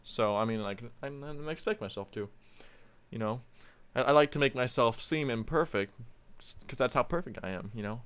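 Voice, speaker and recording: A man recording voice lines at home, rambling jokily between takes and bursting into loud reads. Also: mid-range voice, moderate pace, clear, resonant tone. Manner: joking, goofy, self-mocking, bursts into loud line reads.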